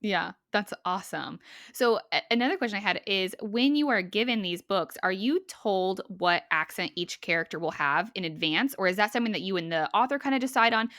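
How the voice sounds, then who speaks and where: A woman's voice: medium pitch, animated, brisk, fairly bright tone, no room sound, clean studio sound. A female podcast host asking questions in a casual interview, enthusiastic and giggly.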